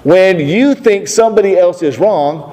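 A pastor preaching a sermon in a church hall, emphatic and full of rhetorical questions to the congregation. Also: male voice, high voice, normal speed, mellow. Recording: long reverb of a large hall.

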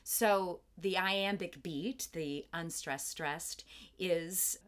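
A woman's voice: fairly low pitch, extremely slow. A middle-aged woman theatre director in an interview, explaining terms thoughtfully and carefully, with plain enthusiasm for the craft. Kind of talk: interview conversation.

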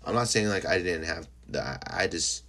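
A young man with a very deep, low voice, hosting his own podcast alone. He is high and rambles loosely, dropping profanity and fillers as he talks. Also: expressive, moderate pace, sharp tone. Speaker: podcast host. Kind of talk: casual solo podcast monologue.

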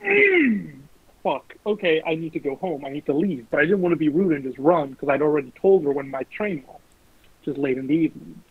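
A young man with a slightly higher voice, husky and a little rough, tells lively anecdotes full of swearing and quick impressions. The sound is dry and narrow, like a phone line. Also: dry recording. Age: young adult. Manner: animated, swearing, mimics voices in quotes. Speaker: guest. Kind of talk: casual storytelling. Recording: lo-fi phone-like recording.

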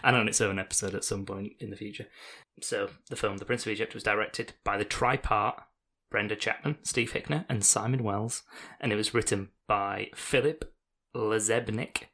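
A man's voice: on the low side, steady tone, normal speed, hardly any pauses, sharp tone. A British man hosting a casual podcast, reading a news segment with jokes and frequent laughs. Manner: laughs often, reads notes with jokes.

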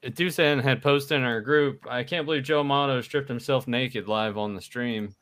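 A man's voice: mid-range voice, moderate pace, a bit bright, a little hiss or hum. A man hosting a casual chat over a video call, moving the talk along. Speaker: show host.

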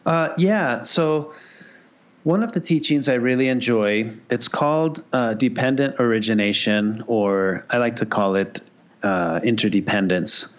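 A man calmly explaining a Buddhist teaching as an interview guest, thoughtful, with frequent restarts. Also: mid-range voice, a little slow. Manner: thoughtful, many restarts, storytelling. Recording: dull lo-fi sound.

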